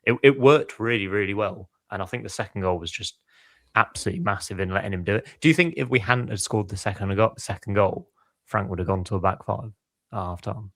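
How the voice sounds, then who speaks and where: A deep male voice with an English accent, recorded close and dry. He talks football casually but analytically, thinking aloud and pulling up player stats. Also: a little fast, no room sound. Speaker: podcast co-host.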